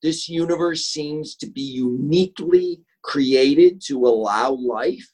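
A man's voice: on the high side, takes it slowly, darkish tone, breathy edge, poor audio. A man who has written a book, answering interview questions earnestly and telling a long anecdote. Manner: earnest, storytelling. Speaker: author and guest.

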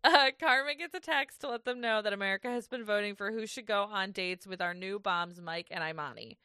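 A woman's voice: mid-range voice, fairly quick, bright, forceful tone, clear, resonant tone, no room sound, studio quality. A woman co-hosting a podcast, recapping a reality show in casual chat. She swears freely and sounds exasperated, often laughing. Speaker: podcast co-host.

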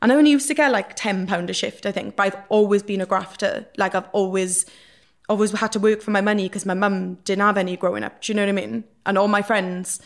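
A woman's voice: mid-range voice, steady tone, fast, gravelly. Chatty young Welsh woman, rambling and frank. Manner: rambling, frank, peppered with fillers. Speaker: guest. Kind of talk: casual candid storytelling.

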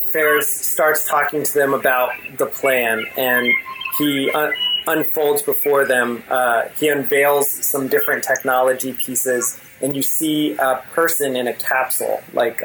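A man's voice: medium pitch, fairly bright tone, poor audio. A man narrates a tabletop role-playing game as its game master. He tells the story loosely, with plenty of ums and likes. There is a faint noise behind him. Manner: loose, filler-heavy storytelling.

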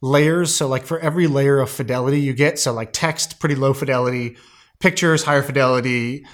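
A man co-hosting a casual podcast chat, with a mid-range voice that is neither high nor low. He rambles, circling back with fillers and restarts as he works through a point. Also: fairly even intonation, fairly quick. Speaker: podcast co-host.

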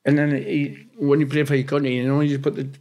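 A man's voice: medium pitch, completely flat delivery, a little fast, a little mellow. A man from England, an interview guest, telling loose anecdotes in casual chat, swearing freely and acting out what others said. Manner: rambling, swears freely, acts out quoted dialogue.

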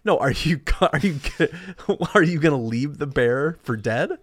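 A man's voice: on the high side, unhurried, dry recording, studio quality. A man co-hosting a casual comedy podcast, cracking jokes and puns with a playful delivery. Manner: joking, playful, animated delivery. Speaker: podcast co-host.

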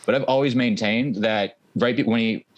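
A man's voice: on the low side, moderate pace, dry recording. A man co-hosting a podcast, chatting casually and analytically about movies and sometimes acting out lines. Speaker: podcast co-host.

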